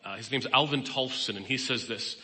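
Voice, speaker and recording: A man's voice: mid-range voice, brisk, sharp tone. Man, 50s, guest speaker and therapist, candid sermon delivery, reverberant hall. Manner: candid, personal, plain-spoken. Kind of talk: conversational sermon. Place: church hall. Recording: long reverb of a large hall.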